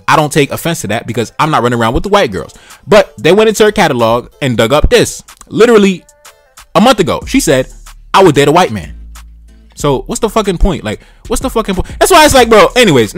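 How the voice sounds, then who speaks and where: A man's voice: medium pitch, fairly bright tone. A man in his twenties giving blunt, slangy reaction commentary, repeating phrases for emphasis. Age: 20s. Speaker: YouTube commentator.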